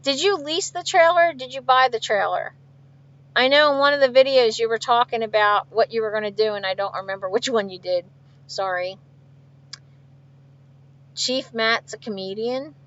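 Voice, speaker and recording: A woman's voice: fairly high pitch, normal speed, long pauses, a bit bright, no room sound. A woman truck driver from outside chatting casually on a livestream, answering viewers' questions with frequent laughs. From outside Philadelphia. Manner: chatty, laughs often, reads viewer comments aloud. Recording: dull lo-fi stream audio.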